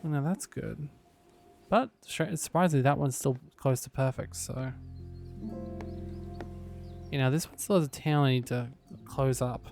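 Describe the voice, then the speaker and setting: Gravelly man muttering gameplay commentary. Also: medium pitch, measured pace, long pauses, darkish tone, soft background music. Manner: muttering to himself, dry sarcastic asides. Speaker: gaming YouTuber.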